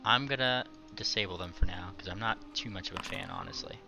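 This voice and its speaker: A man's voice: deep voice, fast, vocal fry, pushed and bright, soft background music. A man narrating as game master of a tabletop game in a loose, joking way, full of fillers.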